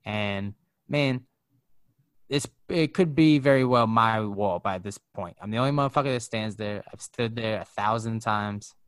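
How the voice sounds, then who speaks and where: A man's voice: on the low side, moderate pace, clean tone, dry recording. A man telling a story in a casual chat, laid-back and profane, full of fillers. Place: living in Arizona.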